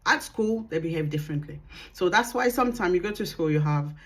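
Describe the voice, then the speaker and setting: A woman working as a parenting consultant, giving calm, earnest advice to the camera and acting out bits of dialogue as she goes. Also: lowish voice, brisk.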